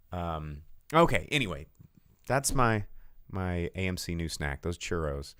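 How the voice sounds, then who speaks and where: A man co-hosting a casual movie-talk show, telling stories with lots of fillers and restarts and jumping high when he quotes other people. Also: unhurried, smooth, no room sound, clean studio sound. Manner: animated storytelling, jumps high for quoted voices; rambling with many fillers and restarts. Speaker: podcast co-host.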